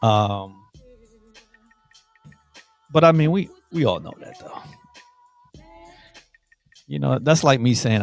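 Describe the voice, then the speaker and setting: A man's voice: medium pitch, expressive, takes it slowly, vocal fry, pauses often, faint music behind. A man co-hosting a casual live-stream show, talking loosely and teasing, often repeating himself, on a podcast mic at home. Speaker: co-host.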